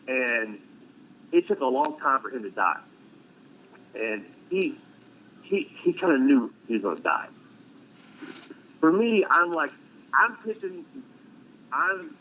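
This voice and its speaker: A middle-aged military veteran telling a story casually, blunt and profane with dark humor. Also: male voice, medium pitch. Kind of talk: casual storytelling on a live stream. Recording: tinny phone-like line with faint noise.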